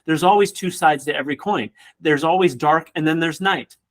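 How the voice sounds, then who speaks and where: A man who works as a real estate coach, giving an energetic motivational class with casual joking asides. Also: on the high side, moderate pace. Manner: energetic, acts out quoted people in voices.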